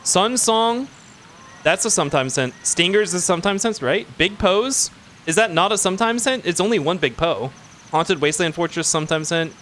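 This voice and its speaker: A man casually commenting on his own gameplay as a streamer, excitable and talking to himself as he plays. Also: high-pitched, normal speed, slight background noise. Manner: excitable, talks to himself while playing.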